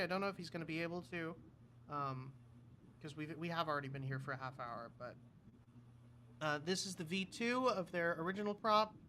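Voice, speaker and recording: A man's voice: high voice, a little hiss or hum. A man co-hosting a livestream, chatting casually and laughing often. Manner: animated, laughs often, tries cartoon voice impressions. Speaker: livestream co-host. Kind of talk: casual chat.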